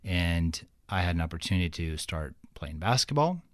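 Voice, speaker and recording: A man's voice: low-pitched, normal speed, dry recording, clean studio sound. A young man from Ukraine with a Ukrainian accent, telling stories in a casual interview and acting out the people in them. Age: young adult. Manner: animated, acts out quoted people, laughs often. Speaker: guest.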